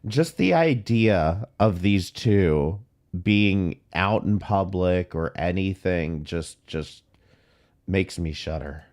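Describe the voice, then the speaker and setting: Male commentary host, very low voice, blunt and exasperated reacting to clips. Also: animated, takes it slowly, darkish tone.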